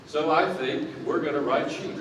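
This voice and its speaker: A man's voice: on the high side, moderate pace, background noise. A man in his thirties giving a commencement speech as keynote speaker, full of humorous, self-deprecating storytelling. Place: large indoor university arena. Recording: echoey arena, picked up from a distance.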